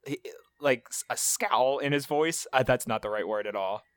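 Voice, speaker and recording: A man's voice: mid-range voice, moderate pace, dry recording. A man chatting casually on a podcast, rambling with stumbles and restarts.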